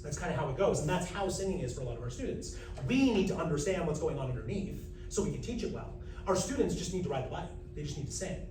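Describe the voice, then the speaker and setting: High-voiced male vocal coach teaching live. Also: fast, slight background noise. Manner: lively, demonstrative, breaks into loud calls. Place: rehearsal room with a group. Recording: roomy, distant mic with music.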